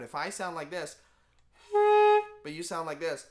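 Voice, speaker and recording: A man's voice: on the high side, steady tone, unhurried, bright, forceful tone, soft background music. Man, band teacher, patient, simple explanations, casual lesson.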